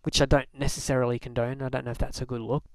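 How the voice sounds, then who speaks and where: A man chatting casually to camera as a vlogger, relaxed and full of fillers. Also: mid-range voice, rapid-fire, dry recording.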